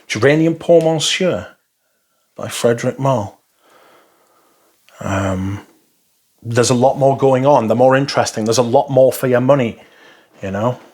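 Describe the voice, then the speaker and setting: This fragrance reviewer has a medium-pitched, darkish voice and a measured pace with long pauses. His first impressions are casual, rambling, blunt, and laced with swearing.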